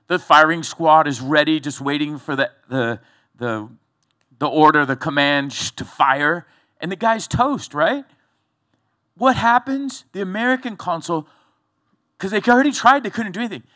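A male pastor preaching a sermon, telling a story in a loose, conversational way with animated build-ups. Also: on the high side, dry recording, clean studio sound.

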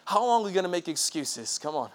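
High-voiced man preaching lively. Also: fast talker. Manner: lively, conversational preaching with laughs and acted-out quotes. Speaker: pastor. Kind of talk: sermon.

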